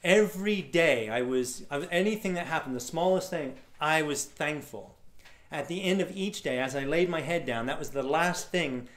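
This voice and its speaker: Before a live audience, a motivational speaker tells stories, acting out the voices of people he met and laughing often. His pitch is fairly high and a bit bright, his pace moderate, and the sound is roomy.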